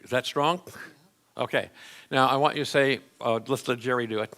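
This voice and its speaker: A middle-aged man teaching a class to a live audience in a church hall. He talks in a plain, conversational way at a middle pitch and often stops to restart a sentence. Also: fairly even intonation, moderate pace, a bit bright.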